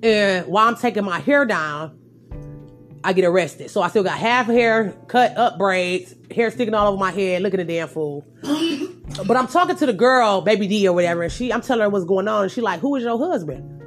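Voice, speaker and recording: A young adult woman casually telling a story to her viewers, with lively swings from loud outbursts to low asides. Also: fairly quick, faint music behind. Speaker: storyteller vlogger.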